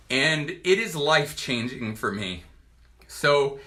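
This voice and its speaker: Guy in his 40s doing a heartfelt testimonial vid, halting, keeps restarting, sharp bright tone. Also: medium pitch. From Virginia, US. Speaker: doctor giving a product testimonial. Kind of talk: personal testimonial to camera.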